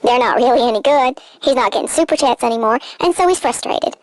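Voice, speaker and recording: A woman's voice: fairly high pitch, fast, no room sound, rough recording. A woman narrating a scripted commentary in a sarcastic, mocking tone, full of dramatic rhetorical questions. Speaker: commentary channel host.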